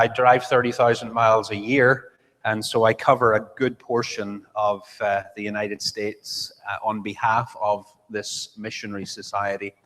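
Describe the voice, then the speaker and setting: A man's voice: lowish voice, a bit bright. A middle-aged man from Northern Ireland with a Northern Irish accent, a visiting missionary speaker giving a conversational church talk with light humor and frequent fillers. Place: church sanctuary. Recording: reverberant church hall.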